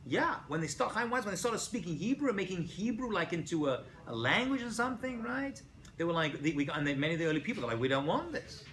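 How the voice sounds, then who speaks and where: A man, a rabbi, giving a casual classroom lecture to students, animated and often checking in with "right?". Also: sits high, quick pace, slight background noise. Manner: animated, asks students questions, frequent "right?". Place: college lecture room.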